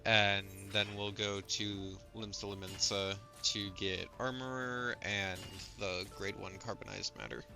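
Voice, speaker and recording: A man's voice: fairly low pitch, fairly even intonation, a little slow, vocal fry, hardly any pauses, over music. A man streaming a game, chatting casually and explaining details in a pedantic, pun-loving way. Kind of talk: casual gameplay commentary.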